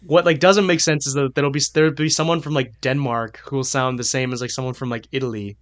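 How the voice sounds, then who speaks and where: A man's voice: medium pitch, steady tone, fast talker, a bit bright. A man co-hosting a podcast, rambling in casual chat with lots of "like"s. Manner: rambling, full of fillers and laughs. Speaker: podcast co-host.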